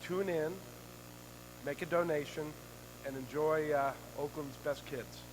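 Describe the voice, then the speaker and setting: A man's voice: on the high side, steady tone, unhurried, background noise. A man making announcements to a club meeting, earnest and promotional.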